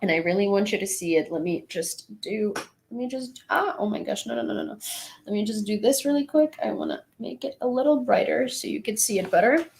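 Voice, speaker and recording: A woman's voice: mid-range voice, a little fast, gravelly, darkish tone, slight background noise. A young woman hosting a casual live stream, chatting and rambling as she thanks viewers and laughs along the way. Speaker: live-stream host reading chat.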